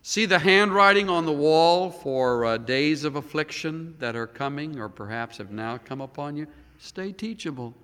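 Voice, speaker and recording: A man preaching a sermon as a pastor, dramatic, swinging between loud emphasis and hushed near-whispers. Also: a little high, animated, moderate pace, clear, resonant tone. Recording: long hall reverb.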